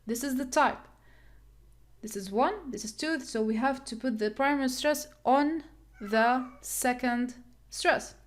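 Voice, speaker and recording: A woman's voice: sits high, measured pace. A woman teaching English word stress, repeating words and counting syllables aloud. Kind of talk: classroom lesson on word stress.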